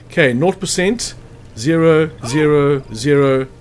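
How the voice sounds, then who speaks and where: A man's voice: fairly high pitch, unhurried, slight background noise. Man thinking aloud over gameplay. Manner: chatty, thinks aloud, counts hit percentages. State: hiccuping after lunch. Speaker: gameplay commentator. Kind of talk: casual game walkthrough commentary.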